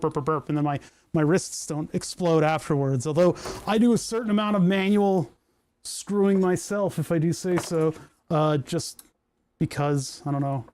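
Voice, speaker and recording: Working on a streamed project in his indoor workshop, a maker hiccups through casual, rambling chatter that seems to amuse him. His fairly high voice has a darkish tone, captured with a lapel microphone and no echo.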